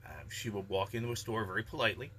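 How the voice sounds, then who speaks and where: A man giving calm, measured, reflective life advice in a casual daily vlog monologue. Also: lowish voice, slight background noise.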